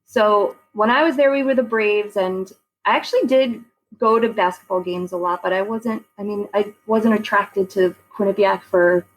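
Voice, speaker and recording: A woman's mid-range voice, moderately paced, comes through a low-quality recording. She's a real estate agent in her forties from Long Island, New York, laughing frequently during a casual podcast interview where she's the guest.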